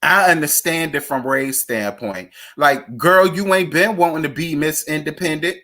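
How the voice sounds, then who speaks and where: A man's voice: on the high side, normal speed, bright, forceful tone. A man, sassy and dramatic as he chats casually about reality TV gossip. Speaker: gossip vlogger.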